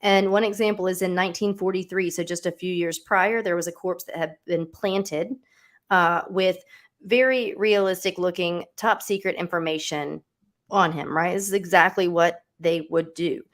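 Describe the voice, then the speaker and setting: A woman's voice: fairly low pitch, fairly even intonation, moderate pace. A woman hosting a livestream, telling a true-crime story in a casual, chatty way with lots of asides. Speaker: host.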